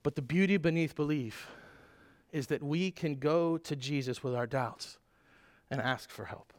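Man, pastor, sermon, high voice, earnest, emphatic, stumbles and restarts now and then. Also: measured pace.

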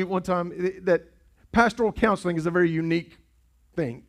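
Guy pastor preaching in church, kinda high voice, gets urgent and repeats stuff. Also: a little fast. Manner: impassioned, rising to urgent emphasis with frequent repeats. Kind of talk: sermon. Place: church sanctuary.

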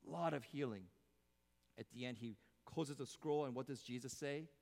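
A man preaching a sermon as pastor, swinging from hushed, soft passages to loud, emphatic exclamations. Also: medium pitch, animated, a little slow, gravelly. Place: church sanctuary. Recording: long hall reverb.

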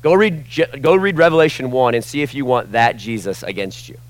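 A man preaching a sermon as pastor, impassioned, swinging between loud emphasis and hushed asides. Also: medium pitch, brisk, low-quality recording.

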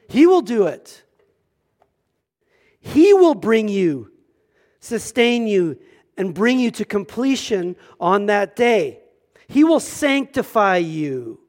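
A man with a high-pitched voice preaching a sermon at a church service. He builds up to loud, emphatic peaks on the scripture, then drops into soft, chatty, joking asides to the congregation. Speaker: pastor.

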